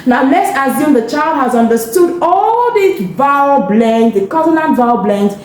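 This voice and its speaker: A woman's voice: sits high, expressive, moderate pace. A woman with a Nigerian accent teaching phonics, asking leading questions, answering them herself and praising often. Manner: encouraging, frequent praise. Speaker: reading teacher. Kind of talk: instructional video lesson. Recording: echoey room, faint background noise.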